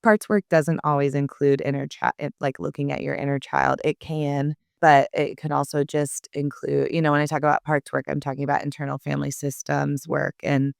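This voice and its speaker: A woman therapist, a podcast guest, explaining in a reflective, warm-hearted way in casual conversation. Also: deep voice, flat delivery, a little fast, gravelly, hardly any pauses, no echo, clean studio sound.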